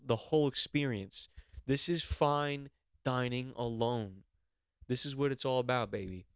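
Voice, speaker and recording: Brash young man, smooth and dry. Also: medium pitch, dry recording. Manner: brash, mock-instructive, profane. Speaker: podcast co-host. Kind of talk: comedic podcast rant.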